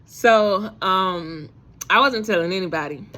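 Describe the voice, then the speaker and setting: A woman talking straight to her camera, telling a personal faith story. She rambles casually and keeps circling back with fillers and restarts. Her voice sits at an ordinary middle pitch for a woman. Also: a little slow, sharp tone. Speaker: vlogger.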